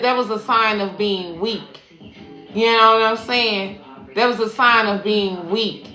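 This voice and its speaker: Brash, bright-voiced woman reading tarot live. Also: on the high side. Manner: preachy, profane, calls listeners baby and cousin. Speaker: spiritual life coach and tarot reader. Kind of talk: casual livestream tarot reading. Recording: echoey room with faint music.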